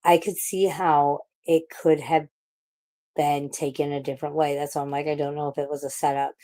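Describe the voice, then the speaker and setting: Woman, St. Louis native, slightly low voice, casual profane ranter on a stream panel. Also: little pitch movement, moderate pace, warm tone. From St. Louis, USA. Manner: profane, ranting, rambling with restarts. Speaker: livestream panel participant. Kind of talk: casual livestream chat.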